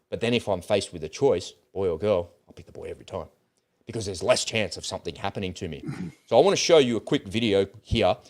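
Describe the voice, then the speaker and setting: A man's voice: on the low side, darkish tone. An Australian man hosting a political commentary livestream, talking bluntly in casual, ranting speech and swearing freely.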